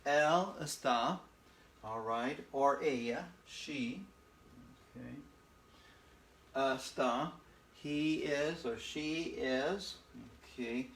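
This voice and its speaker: A man teaching a casual Spanish lesson from home, relaxed and repetitive, often checking in with "okay?". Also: medium pitch, very slow, pauses often, reverberant. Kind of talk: casual recorded lesson at a board. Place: room at home.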